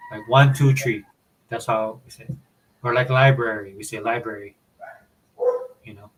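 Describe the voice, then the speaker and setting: A man from Hawaii with a Hawaiian accent, chatting casually as a podcast co-host in a relaxed, rambling way. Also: mid-range voice, normal speed, rough recording. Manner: laid-back, rambling explanations. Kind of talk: casual chat.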